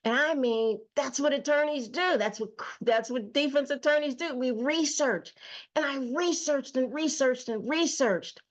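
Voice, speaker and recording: A woman hosting her own show, telling a personal story slowly and emotionally with emphatic repetition. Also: high voice, highs cut off. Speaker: host. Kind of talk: personal testimony monologue.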